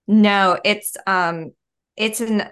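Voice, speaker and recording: A woman co-hosting a podcast, chatting casually in an upbeat, animated way. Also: medium pitch, extremely slow, smooth. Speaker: podcast co-host. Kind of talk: casual chat.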